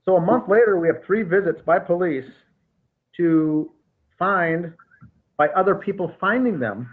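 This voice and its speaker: The recording is thin and phone-like, carrying a male podcast host's high, lively voice at an unhurried pace. He works through case details in an orderly way during a casual investigative conversation, with many false starts.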